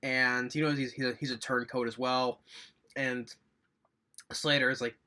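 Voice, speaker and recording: A man's voice: medium pitch, flat delivery, a little slow, long pauses, sharp tone. A man giving a casual, rambling movie review, recapping scenes with enthusiasm and little chuckles.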